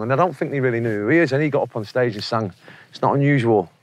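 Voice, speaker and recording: A man's voice: mid-range voice, racing, a bit bright. A Manchester man in his forties, a musician telling laddish, sweary anecdotes in a casual interview, laughing often. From England. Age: 40s.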